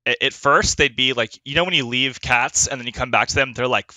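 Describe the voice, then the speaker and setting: A young man rambles through casual podcast chat with a very bright, forward voice. He stacks up filler words and swears easily. The sound is dry and close, with no room in it. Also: mid-range voice, brisk, dry recording. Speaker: podcast co-host.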